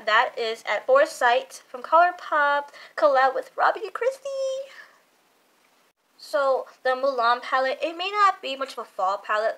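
A young woman vlogger chats casually while reviewing makeup, gushing, repeating herself, and using plenty of fillers. Her voice is a little high and a bit bright.

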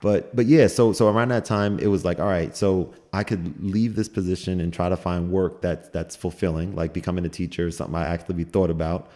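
A man's voice: sits low, steady tone, brisk, few pauses, dark tone. A young man chatting casually as a podcast guest, rambling and repeating words as he tells stories, laughing at times. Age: young adult.

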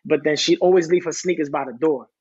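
A man's voice: fairly high pitch, fast talker, a little mellow, husky, muffled recording. A man guest on a podcast, candidly telling a personal story in an earnest, rambling way. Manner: earnest, rambling, reciting his own lyrics. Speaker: podcast guest, singer-songwriter.

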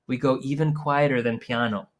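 Streaming from home, a man gives young kids a music lesson, speaking playfully into a stand-mounted mic and singing a goofy song in between explanations. His voice is mid-range, with fairly even intonation and a moderate pace.

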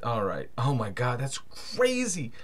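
American dude reacting to a video, laughing a lot, voice swings all over. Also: male voice, medium pitch, a little slow. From United States. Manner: excitable, laughing, exclamatory.

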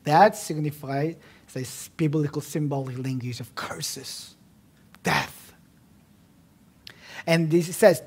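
A man, a pastor, preaching an expository sermon, moving between casual asides and emphatic declarations that fall to hushed tones. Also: on the high side, slow, pauses often, slightly rough. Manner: emphatic, swings from loud declarations to hushed near-whispers; conversational asides amid teaching.

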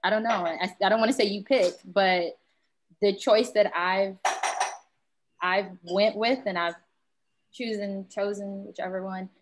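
A woman's voice: medium pitch, steady tone, measured pace, long pauses, slight background noise. Candid woman panelist telling stories. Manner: candid, storytelling, quotes friends and family. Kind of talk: round table discussion.

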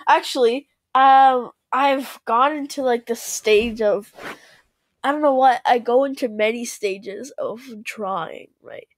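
A woman's voice: a little high, slow pace, dry recording. Young woman rambling in casual chat. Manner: rambling, full of fillers and laughs. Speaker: podcast co-host.

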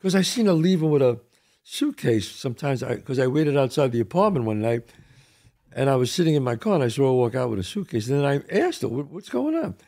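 A man hosting a casual chat show, telling stories in an animated way. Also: mid-range voice, fast. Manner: animated storyteller. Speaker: host.

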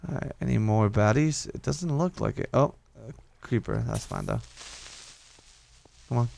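A young YouTuber narrates his game in a casual let's-play, speaking to himself at normal speed in a mid-range, slightly mellow voice with vocal fry. Frequent swearing and panicked word repetition mark his talk, over a faint hiss or hum.

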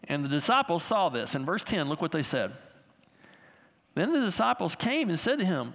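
A man preaching as pastor, lively and animated, turning to the children with everyday examples. His voice sits high and moves a lot. The sanctuary leaves a long reverb on every word. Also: normal speed, gravelly. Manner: animated, talks to kids in the congregation with everyday examples. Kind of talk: sermon. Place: church sanctuary.

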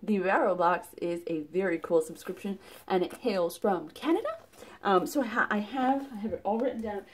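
A woman reviewing a subscription box in a casual unboxing vlog, chatty and rambling with lots of fillers and restarts, getting excited as she pulls out items. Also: medium pitch, moderate pace, husky. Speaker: product reviewer.

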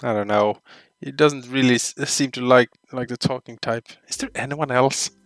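A man reading a dating game aloud with a friend, halting and laughing often. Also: medium pitch, no echo. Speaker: let's player. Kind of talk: casual let's play commentary.

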